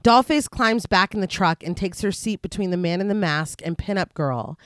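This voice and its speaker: A woman's voice: fairly low pitch, moderate pace, no echo, clean studio sound. A woman co-hosting a podcast, reading plot recaps and chatting casually, often breaking into laughter. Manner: laughs often, reads scene summaries steadily. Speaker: podcast co-host. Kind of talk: casual film discussion with read plot recap.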